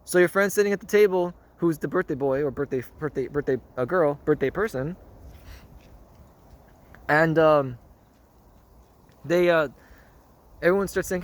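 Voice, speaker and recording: A man's voice: a little high, normal speed, long pauses. A man talking through a reflective monologue in an earnest, rambling way, often repeating himself and checking in with "you know what I mean?". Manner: earnest, circles back to one phrase. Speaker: spiritual vlogger.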